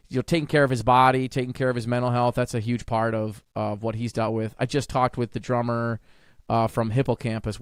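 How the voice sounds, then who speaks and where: A man chatting as a guest in an interview, enthusiastic, talking in quick bursts and jumping up in pitch on the words he stresses. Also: clean tone, no echo, studio quality. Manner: enthusiastic, jumps up in pitch on emphasis; talks in quick bursts with restarts. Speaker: podcast guest, jazz trumpeter and educator. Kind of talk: casual interview conversation.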